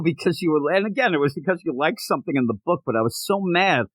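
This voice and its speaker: A man's voice: on the high side, expressive, fast, no echo. A man co-hosting a casual comic book podcast, rambling and laughing often, swearing freely. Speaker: podcast co-host. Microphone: remote recording setup, not in the same room.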